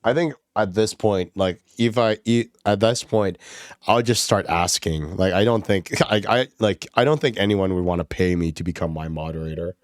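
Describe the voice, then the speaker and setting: A man's voice: low voice, normal speed, dry recording, studio quality. A young man, a VTuber streamer, chatting casually with his viewers while playing a game, laughing often and rambling. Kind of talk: casual gaming commentary.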